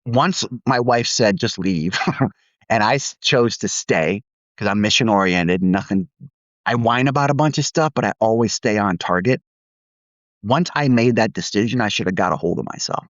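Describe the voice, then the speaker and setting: A candid, self-deprecating man tells a workplace story in a low voice, laughing now and then as he goes. The sound is dull and dry, with a slightly lo-fi feel. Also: normal speed, a bit bright, dry recording. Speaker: podcast co-host. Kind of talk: storytelling podcast chat.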